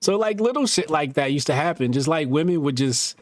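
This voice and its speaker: A man's voice: on the high side, brisk, dry recording. A man hosting a talk show, telling stories casually with lots of swearing, acting out quotes. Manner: profane, animated storytelling, acting out quotes. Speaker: podcast host. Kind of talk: casual storytelling chat.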